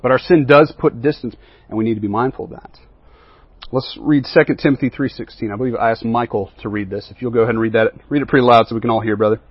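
A man with a husky, breathy voice teaches a Bible lesson to a group, often checking in with "right?" along the way. The sound is dry and close, with no room echo, but a little dull and muffled. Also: medium pitch, steady tone, quick pace. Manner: keeps asking the group questions and checking in with "right?" and "okay?".

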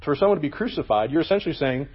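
Fast-talking husky man leading a youth lesson. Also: on the high side, expressive, muffled recording. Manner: conversational, frequent "okay?" check-ins. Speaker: youth group leader. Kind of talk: casual Bible lesson to a group.

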